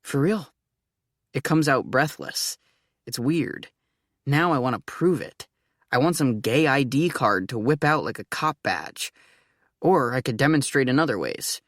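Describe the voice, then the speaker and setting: A woman's voice: extremely low pitch, lively intonation, a little slow, no echo, clean studio sound. Eager, flustered woman narrating an audiobook. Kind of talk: first-person audiobook narration.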